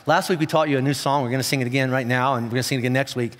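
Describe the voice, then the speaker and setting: A pastor preaching a sermon in a conversational, animated way, often restarting his sentences. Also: mid-range voice, very fast. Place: church auditorium. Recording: long reverb of a church hall.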